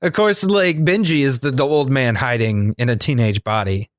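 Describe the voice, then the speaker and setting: A man's voice: mid-range voice, normal speed, dry recording, clean studio sound. A man co-hosting a podcast, chatting casually and laughing in exasperation about a cartoon. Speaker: podcast co-host. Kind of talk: casual chat.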